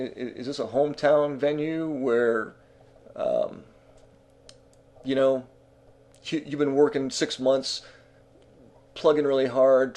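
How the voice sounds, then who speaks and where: A man's voice: medium pitch, vocal fry, darkish tone. A man talking through music business advice in a casual, conversational way, with frequent fillers and restarts.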